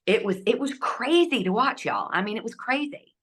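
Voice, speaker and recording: A middle-aged woman, a guest telling a personal story with lively delivery and hushed asides. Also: on the high side, normal speed, slightly rough. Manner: animated, acts out quotes, drops to hushed asides.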